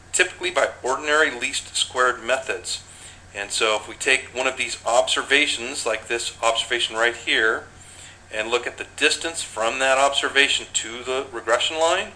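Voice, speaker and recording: A man giving a measured, step-by-step recorded lesson, pointing through charts as he explains. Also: mid-range voice, bright, forceful tone, low-quality recording. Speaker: instructor. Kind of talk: screen-recorded lecture.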